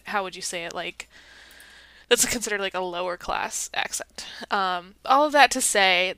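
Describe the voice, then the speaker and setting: A woman talks through a topic in a loose, chatty way, leaning on fillers and restarting her sentences. Her voice is bright and crisp. The sound is dry and close, with no room around it. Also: medium pitch, no room sound, poor audio. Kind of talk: casual explanatory talk.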